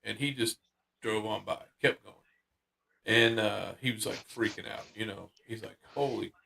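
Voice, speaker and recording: A man's voice: lowish voice, steady tone, normal speed, gravelly, sharp tone. A man casually retelling a secondhand paranormal story on a talk show, rambling with lots of fillers and restarts.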